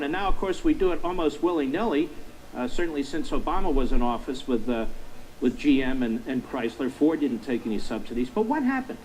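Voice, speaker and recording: A man's voice: medium pitch, expressive, a little fast, a little mellow, slight background noise, poor audio. A middle-aged man hosting a political commentary monologue, emphatic and repetitive, firing rhetorical questions at his listeners. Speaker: talk show host.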